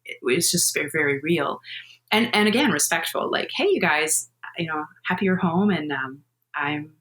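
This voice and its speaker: A woman's voice: deep voice, animated, moderate pace. Middle-aged woman telling candid stories. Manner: warm, candid storytelling with frequent laughs. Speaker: podcast guest. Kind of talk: casual conversational interview.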